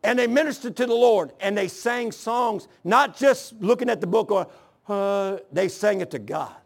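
High, gravelly older man preaching. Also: normal speed. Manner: folksy, earnest storytelling with rough grammar. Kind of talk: sermon with personal testimony. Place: church.

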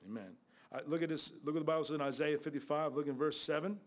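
Guy preaching a sermon, talks blunt and chatty, slightly high voice, gets loud in bursts. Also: fast talker. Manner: blunt, conversational preaching with sudden outbursts.

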